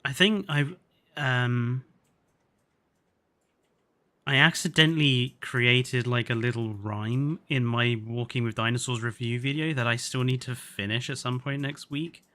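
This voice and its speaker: Young male streamer, bright tone, loose chatty delivery, tired. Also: mid-range voice, fairly even intonation, unhurried. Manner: chatty, laughs often, stumbles over names. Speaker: gaming streamer. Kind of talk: casual live-stream chat.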